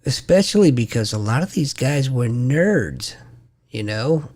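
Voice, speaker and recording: A man's voice: mid-range voice, big pitch swings, unhurried, a little mellow. A middle-aged man co-hosting a podcast, laid-back and profane, mostly chiming in with short replies. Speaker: podcast co-host. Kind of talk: casual chat.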